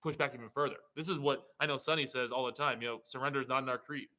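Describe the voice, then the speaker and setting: A man's voice: mid-range voice, fairly even intonation, fast, sharp tone, low-quality recording. A man who is a state representative, speaking heatedly and emphatically as a guest in a political interview. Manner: heated, emphatic, rising to indignation.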